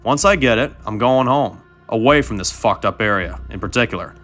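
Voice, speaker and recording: A man's voice: medium pitch, lively intonation, fairly quick, a bit bright, faint music behind. Man doing Audrin, a taunting mercenary. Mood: menacing. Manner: drawling, mocking, calls people darling. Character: swaggering male mercenary with a chainsaw.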